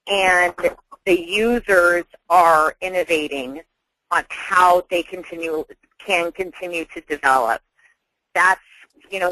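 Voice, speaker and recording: An enthusiastic woman speaks on a webinar, stopping and restarting as she reaches for the right phrase. Her tone is bright and forceful, and the sound is dry. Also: fairly low pitch, dry recording, rough recording. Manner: enthusiastic, halting, searches for words. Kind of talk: conversational webinar talk.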